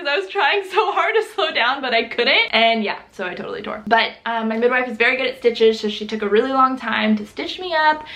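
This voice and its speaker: A woman's voice: on the high side, lively intonation, a little fast, few pauses, a bit bright. A young woman vlogger telling a personal story in a chatty, casual way, laughing often and using lots of fillers.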